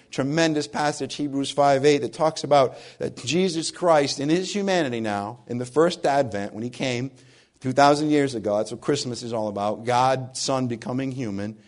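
Hoarse male pastor with a New England accent, froggy voice, earnest sermon delivery. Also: mid-range voice, normal speed. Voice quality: froggy, husky.

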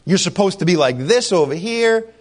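Animated, high-voiced male preacher. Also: normal speed. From Irish heritage. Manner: animated, conversational preaching with rhetorical questions. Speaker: pastor. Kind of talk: sermon.

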